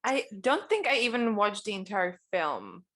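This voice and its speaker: A woman co-hosting a casual podcast chat. Her pitch sits in the middle, and her talk is loose and easygoing. She rambles and often trails off mid-thought as she searches for what to say. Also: very animated, normal speed, a bit bright. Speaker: podcast co-host.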